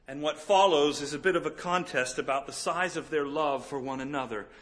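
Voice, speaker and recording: A middle-aged man preaching a sermon as pastor, swinging between emphatic peaks and soft, slow, quiet passages. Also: on the high side.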